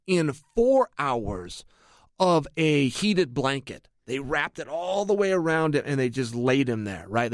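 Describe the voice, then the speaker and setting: A middle-aged man and MMA analyst, telling an energetic anecdote and talking straight to his listeners. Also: medium pitch, no echo, clean studio sound. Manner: energetic, addresses listeners directly. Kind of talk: animated anecdotal storytelling.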